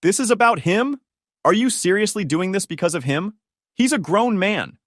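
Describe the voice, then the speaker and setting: Brief: a man playing a scornful, entitled young woman, shrill and very animated, storybook reading. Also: moderate pace, no room sound, clean studio sound. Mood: outraged. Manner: sneering, indignant outbursts.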